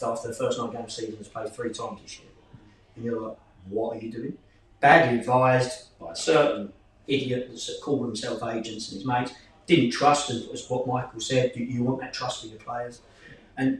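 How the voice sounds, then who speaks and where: Man, football manager, plain-spoken, rambling, mid pitch, distant mic, echoey room. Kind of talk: casual discussion.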